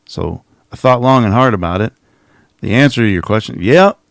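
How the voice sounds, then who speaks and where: A man's voice: fairly low pitch, animated, moderate pace, gravelly, no room sound, studio quality. A man hosting a video that reacts to clips, mocking and sarcastic, often restarting his sentences. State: coughing. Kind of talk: casual commentary.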